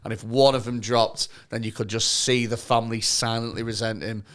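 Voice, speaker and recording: A man's voice: medium pitch, level tone, a little fast, a bit bright. Sweary, jokey man telling a story. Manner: sweary, jokey storyteller who acts out voices. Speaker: podcast co-host. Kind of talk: casual chat.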